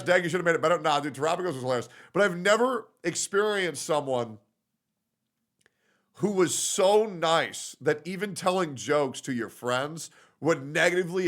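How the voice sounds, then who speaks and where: A young man streaming and telling a story to his chat in a loud, animated way, laughing at his own jokes. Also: medium pitch.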